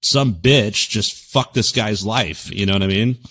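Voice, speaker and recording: A man in casual podcast chat, rambling and profane, with sudden loud bursts of emphasis. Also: on the low side, unhurried, slightly rough, dry recording.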